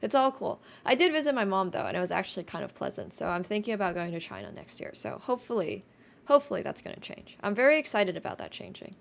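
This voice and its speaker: A woman's voice: mid-range voice, sing-song, fast, gravelly. A woman in her twenties with a Californian accent, chatting casually on a livestream in a wry, self-deprecating way. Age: 20s. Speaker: chess streamer.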